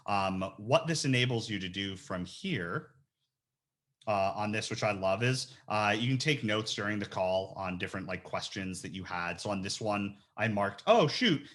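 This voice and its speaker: A man running a casual webinar demo as a recruiter, talking in an energetic, slangy, animated way. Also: on the low side, moderate pace. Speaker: recruiter giving a software training.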